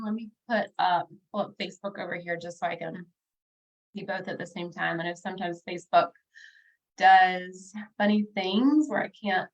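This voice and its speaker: Chatty woman on a muffled livestream. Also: medium pitch. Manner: chatty and upbeat, with frequent fillers, speaking directly to viewers. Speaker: bookkeeper and business coach. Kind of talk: casual livestream talk.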